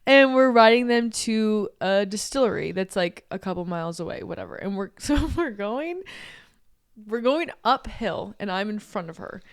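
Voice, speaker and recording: A young woman co-hosting a casual podcast, telling a story in an animated way and often breaking into laughter. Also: mid-range voice, normal speed. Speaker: podcast co-host.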